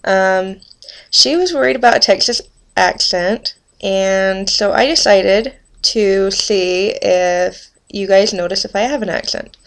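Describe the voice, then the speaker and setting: A woman's voice: medium pitch, takes it slowly. A woman in her twenties from Utah with a rural Utah accent, talking casually to the camera for a dialect tag video, chatty and full of ums and self-corrections. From Utah, USA. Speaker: vlogger.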